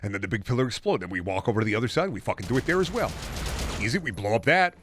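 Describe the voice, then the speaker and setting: A man streaming a game, rambling and profane, bursting into excited rants. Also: fairly low pitch, rapid-fire, noisy background. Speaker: gaming streamer. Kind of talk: live game-stream commentary.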